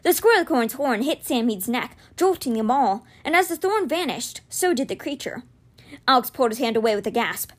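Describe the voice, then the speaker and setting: A woman reading a children's fantasy novel aloud, narrating expressively. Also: brisk. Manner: expressive, voices dialogue with raised pitch. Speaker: reader.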